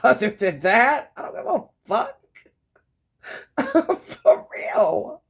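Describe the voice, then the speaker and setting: Profane, animated woman tarot reader. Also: on the high side, very slow, vocal fry, breathy edge. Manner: animated, profane, frequent laughter, talks to viewers directly. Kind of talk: casual profane tarot reading monologue.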